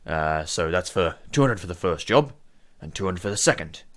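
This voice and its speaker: A man's voice: low-pitched, expressive, moderate pace. A man doing an unhinged dwarf pirate lord. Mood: scheming. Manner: wild swings between shouting and muttering. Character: insane older male dwarf pirate lord.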